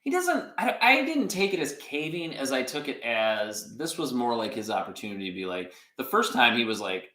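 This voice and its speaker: A man co-hosting a podcast, casually recapping an episode from his notes in a rambling, animated way. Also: medium pitch, moderate pace, hardly any pauses, reverberant, low-quality recording. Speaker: podcast co-host.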